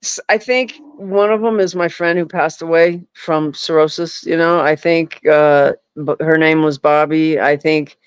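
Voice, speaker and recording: With a steady tone and a measured pace broken by few pauses, a fairly high-pitched man rambles casually as a podcast guest, sprinkling in "like" and "you know." He is a paranormal investigator, heard smoothly in a dull, lo-fi, dry recording with no room sound.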